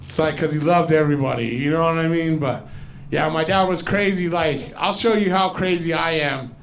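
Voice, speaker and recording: A man in his forties works a club stage with a handheld mic, spinning profane stories and jumping into loud, exaggerated voices. His voice sits a little high and has a gravelly edge. A faint club ambience hangs in the background. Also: moderate pace, slight background noise. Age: 40s. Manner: loose, profane storytelling with exaggerated voices and shouts. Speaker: stand-up comedian. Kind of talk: stand-up comedy set. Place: underground comedy club stage.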